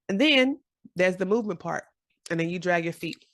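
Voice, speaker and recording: A woman in her forties giving a casual, encouraging motivational talk to camera, animated and often laughing. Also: fairly low pitch, moderate pace, no room sound, clean studio sound. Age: 40s. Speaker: journaling vlogger.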